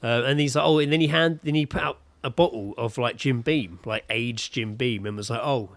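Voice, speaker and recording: A man's voice: medium pitch, steady tone, fairly quick, no echo. A man co-hosting a podcast over a video call, telling stories in a laughing, sweary, casual way. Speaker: podcast co-host.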